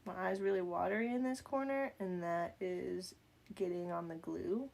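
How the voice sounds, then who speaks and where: A woman's voice: fairly low pitch, moderate pace, gravelly, darkish tone. A woman with a Southern accent talking through a makeup tutorial in a casual, joking way, full of rambling asides. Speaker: makeup vlogger.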